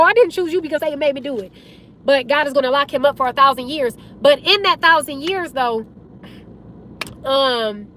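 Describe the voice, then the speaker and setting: A young woman chats to her viewers in a high, hoarse voice that is wearing out, turning raspy. She talks in an emotional, preachy way, calling everyone y'all, with a faint hum of background noise behind her. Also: fairly bright tone. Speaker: vlogger. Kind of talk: casual storytime talk to viewers.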